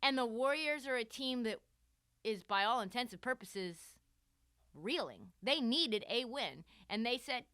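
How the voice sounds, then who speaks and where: Woman sports host, brash profane commentary, smooth crisp voice, dry close sound. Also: a little high, animated, measured pace, sharp tone, no room sound.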